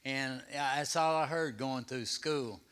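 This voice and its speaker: Plainspoken man with a bright voice. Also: medium pitch, a little slow, clean tone. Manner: plainspoken, heartfelt, humble. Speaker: audience member. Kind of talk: personal testimony from the audience. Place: church sanctuary.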